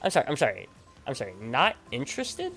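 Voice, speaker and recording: A young man talks casually while he plays, winding through a story with fillers, false starts and sudden jumps in excitement. His pitch sits in an ordinary middle range. Faint game music runs underneath. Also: fast, gravelly. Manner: rambling, animated storytelling with many fillers and restarts. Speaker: gaming streamer. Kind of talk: casual storytelling over gameplay. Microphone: desk microphone at a gaming setup.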